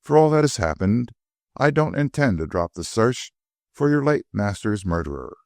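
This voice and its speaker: A man voicing an earnest, tender young gentleman speaking impetuously in an audiobook. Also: lowish voice, sing-song, moderate pace, vocal fry, dry recording, studio quality. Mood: resolute.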